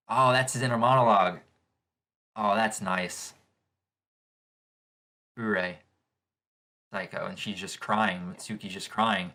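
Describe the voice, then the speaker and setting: Man, casual reaction host, excitable, lower pitch, forceful tone. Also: a little slow, long pauses. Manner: excitable, gushing exclamations. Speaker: manga reaction channel host. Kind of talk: casual live reading reaction.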